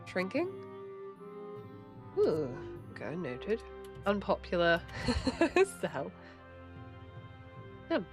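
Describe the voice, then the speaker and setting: A woman's voice: on the low side, huge pitch swings, drawn-out words, long pauses, music in the background. A woman chatting casually while streaming a game, giggly and swearing freely. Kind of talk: casual livestream chat while gaming.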